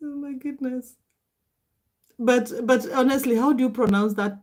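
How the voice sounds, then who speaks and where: A woman's voice: on the high side, unhurried, long pauses, darkish tone. A middle-aged Kenyan woman whose first language is Swahili, hosting a casual livestream, chatting, laughing often and answering viewer comments aloud. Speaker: livestream host.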